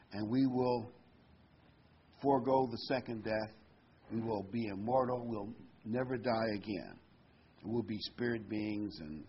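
A man's voice: medium pitch, slightly rough, lo-fi sound. A man preaching a sermon verse by verse in a folksy, conversational way.

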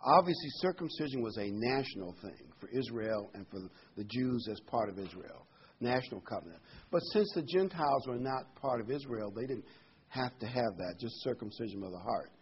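A man's voice: medium pitch, lively intonation, moderate pace, highs cut off, slight background noise. A man preaching a Bible sermon in a conversational, emphatic way, his voice rising sharply on key words.

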